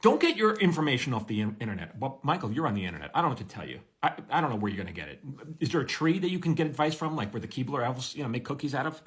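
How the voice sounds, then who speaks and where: Fast, animated man giving blunt advice. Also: medium pitch. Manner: energetic, blunt, wisecracking. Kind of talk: direct-to-camera advice monologue.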